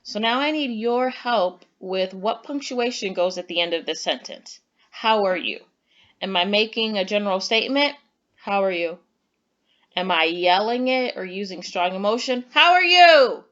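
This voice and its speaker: A woman's voice: medium pitch, normal speed, a bit bright, highs cut off. A woman teacher giving an online lesson to young children, patient and encouraging, who reads example sentences aloud with exaggerated emphasis.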